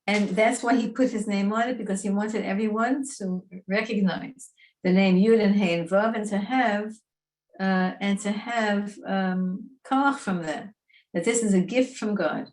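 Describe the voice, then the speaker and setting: A woman's voice: mid-range voice, a little slow. Chatty woman teaching a class. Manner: lively, chatty, emphatic storytelling. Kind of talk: Torah class.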